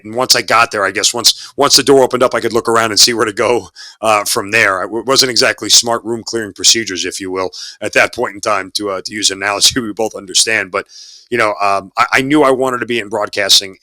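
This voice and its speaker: Male guest, forties, talkative and sincere, lowish voice with a forceful edge. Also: no room sound. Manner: talkative, earnest, repeats words while searching. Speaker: guest, army officer and broadcaster. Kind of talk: casual interview storytelling. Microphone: studio mic.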